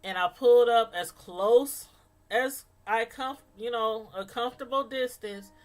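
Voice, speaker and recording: A middle-aged woman vlogger telling a story in a casual, animated way, laughing often and using many fillers. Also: on the high side, unhurried.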